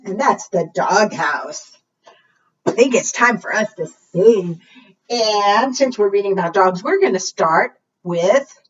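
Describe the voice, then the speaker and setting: Lively woman reading to preschoolers. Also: medium pitch, takes it slowly, slightly rough. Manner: animated, questioning the children, singing. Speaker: children's librarian. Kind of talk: preschool storytime read-aloud. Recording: distant, dull lo-fi sound.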